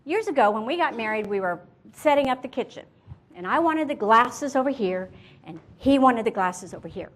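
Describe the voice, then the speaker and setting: Middle-aged lady doing a motivational talk, a bit high-pitched, lively, chatty with the audience. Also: normal speed. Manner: lively, storytelling, addresses the audience directly. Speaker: image consultant and speaker.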